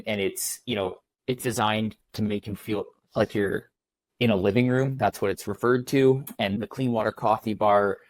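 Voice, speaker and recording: A man's voice: fairly low pitch, fairly even intonation, moderate pace, no echo, poor audio. A man who is a podcast guest, answering conversationally and often saying "you know". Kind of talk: casual interview answer.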